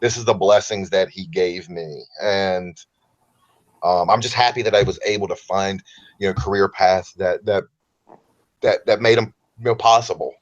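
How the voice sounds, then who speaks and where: Relaxed baritone man on a lo-fi call. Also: moderate pace. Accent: light Southern American. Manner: relaxed, rambling, comfortable speaker. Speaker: interview guest. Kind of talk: casual interview talk.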